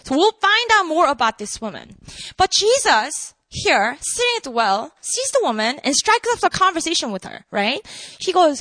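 A woman preaching a casual, conversational sermon, animated and full of asides to the congregation. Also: sits high, moderate pace, no room sound.

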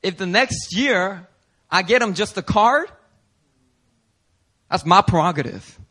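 A man's voice: sits high, animated, slow, sharp tone, breathy edge. A male pastor preaching a sermon in an earnest, emphatic way, building intensity through repetition.

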